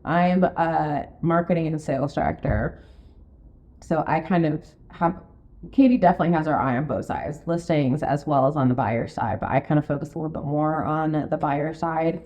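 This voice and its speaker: Animated chatty woman, slightly low voice. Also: moderate pace. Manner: animated, filler-heavy, acts out her own quotes in a high voice. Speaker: podcast co-host, real estate marketing and sales director. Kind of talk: casual chat, storytelling. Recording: dull lo-fi podcast recording.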